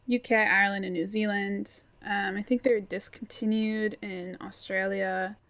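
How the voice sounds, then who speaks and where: A woman's voice: medium pitch, fairly even intonation, unhurried, fairly bright tone. A young woman co-hosting a casual podcast chat, reading out facts with giggly asides. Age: young adult. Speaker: podcast co-host presenting research.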